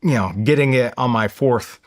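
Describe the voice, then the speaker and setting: A man's voice: mid-range voice, normal speed. A man telling stories as a podcast guest, upbeat and enthusiastic, rambling with lots of filler words and restarts. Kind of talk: casual interview storytelling.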